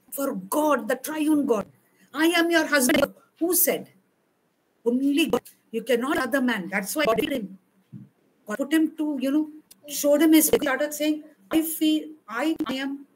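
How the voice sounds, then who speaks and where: A woman's voice: high voice, a little hiss or hum, poor audio. An older woman from India preaching a sermon in a conversational way, often repeating herself and acting out prayers. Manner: conversational, repeats and rephrases, quotes prayers aloud.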